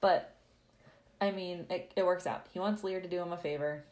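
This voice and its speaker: A woman with a slightly low voice talks through a story recap in a loose, chatty way. She laughs easily and fills her sentences with "like" and "um". It sounds like an easygoing conversation rather than a reading. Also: fairly even intonation, normal speed, darkish tone. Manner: chatty, laughs often, says "like" a lot. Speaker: podcast host. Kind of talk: casual chapter recap.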